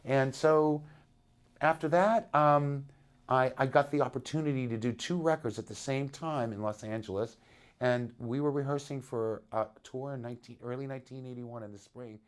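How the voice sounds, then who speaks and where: Man, mid-pitched voice, storytelling, animated, acts out quotes. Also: moderate pace, smooth. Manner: animated anecdote-telling, acting out quoted voices. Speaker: interviewed musician. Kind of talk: storytelling in an interview.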